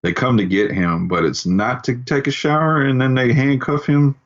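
A man's voice: medium pitch, fairly even intonation, normal speed, dull audio. A man co-hosting a podcast, chiming in on a movie discussion with short opinions and questions. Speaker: podcast co-host.

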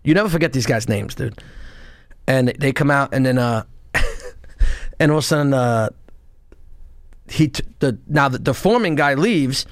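A man's voice: medium pitch, normal speed, pauses often, no echo. Profane storytelling man, dry close sound. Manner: profane, animated storytelling with acted-out shouts. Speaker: podcast guest, former Marine and police officer. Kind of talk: casual storytelling.

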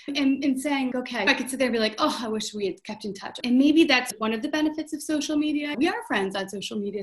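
Woman CEO telling candid personal stories. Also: fairly high pitch. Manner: open, reflective storytelling. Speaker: showroom CEO, podcast guest. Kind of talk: candid conversational interview.

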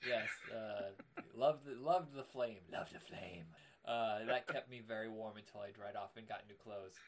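A young man co-hosting a podcast, chatting casually and acting out his stories with loud outbursts. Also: on the low side, normal speed. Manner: animated storyteller, acts out scenes with loud outbursts. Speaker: podcast co-host. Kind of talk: casual chat.

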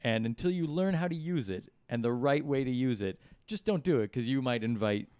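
A man's voice: medium pitch, lively intonation, brisk, a little mellow, clear, resonant tone, no room sound. A middle-aged man telling rambling stories in casual chat, with lots of fillers and restarts. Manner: rambling anecdotes with many fillers. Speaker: guest comedian and musician. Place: hotel room.

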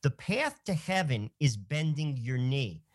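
A man's voice: mid-range voice, very animated, unhurried. A man hosting a talk show, speaking in an emphatic, preachy way. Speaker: host.

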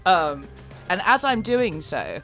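High-voiced chatty man playing a game. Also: sing-song, takes it slowly, fairly bright tone, soft background music. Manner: chatty, hesitant, laughs often. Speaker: player. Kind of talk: casual tabletop play.

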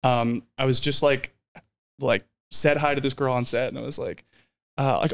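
A man's voice: medium pitch, moderate pace, creaky, smooth. A young man, a comedian and actor, telling stories casually with lots of laughs and swearing. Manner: animated, swears, laughs often. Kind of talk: casual storytelling.

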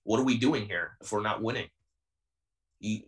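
A man's voice: fairly low pitch, normal speed, long pauses, far from the mic, rough recording. Heated young man, slightly off-mic. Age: 20s. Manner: heated, defiant, intense. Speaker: pro wrestler guest. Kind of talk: podcast interview.

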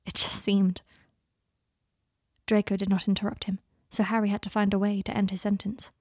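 A woman reading her own story aloud as author and narrator, in a soft, even storytelling manner. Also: medium pitch, fast talker, husky, dry recording, studio quality.

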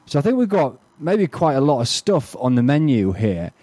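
A man's voice: medium pitch, sing-song, normal speed, warm tone, no echo. A man hosting a tech podcast, chatting in a genial, joking way. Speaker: podcast host. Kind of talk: casual tech podcast chat.

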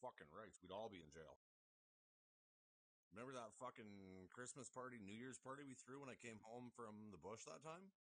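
A man's voice: fairly low pitch, lively intonation, moderate pace, a bit bright, no room sound. A man on a podcast telling rowdy stories in casual chat, swearing freely and laughing often. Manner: profane, laughing anecdotes. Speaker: podcast guest.

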